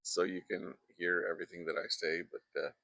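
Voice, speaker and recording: A man's voice: low voice, level tone, fairly quick, bright, forceful tone, no room sound. A man giving a casual painting demonstration outdoors in a backyard, chatting and wandering off into asides as he works, speaking into a close microphone. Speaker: painting instructor.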